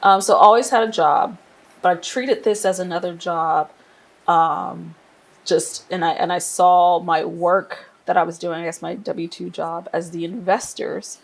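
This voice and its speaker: A woman from Nigeria, an interior designer, telling her career story in a casual, lively way and laughing often. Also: lowish voice, measured pace, creaky. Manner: lively, laughs often, acts out quoted voices.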